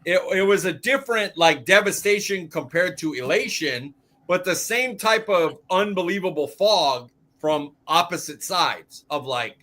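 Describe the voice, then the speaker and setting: A man co-hosting a sports podcast, speaking in a reflective, halting way. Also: high-pitched, lively intonation, sharp tone. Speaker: podcast co-host. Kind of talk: casual sports chat.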